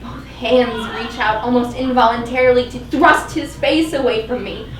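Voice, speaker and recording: A woman's voice: fairly high pitch, fairly even intonation, moderate pace. A woman giving a dramatic, emotionally intense live reading of first-person fiction at a live event. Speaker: fiction reader. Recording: echoey live venue, mic at a distance.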